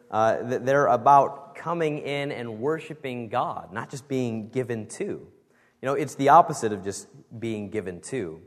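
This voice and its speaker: A male pastor delivering a Sunday sermon at a middle pitch. He speaks earnestly and stresses words with shifting emphasis. His voice rings out with the long reverb of a church hall. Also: a bit bright. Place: church sanctuary.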